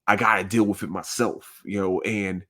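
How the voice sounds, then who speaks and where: A man with a fairly low voice hosts a podcast in loose, casual chat. He rambles earnestly and talks in heavy slang, swearing freely as he works through his thoughts. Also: fairly even intonation, moderate pace, sharp tone. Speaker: podcast host.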